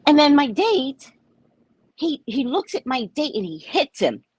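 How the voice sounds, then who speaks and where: A woman's voice: sits high, measured pace, no echo. A middle-aged woman hosting her own show, telling a story in a casual, dramatic way. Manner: animated, dramatic retelling with swings between loud and soft. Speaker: spiritual reader and show host.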